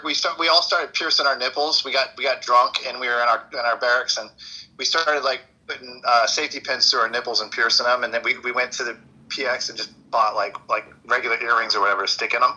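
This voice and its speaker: A man's voice: mid-range voice, bright, forceful tone, husky, poor audio. A man casually telling profane, rambling anecdotes on a podcast, often restarting his sentences. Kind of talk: casual storytelling chat.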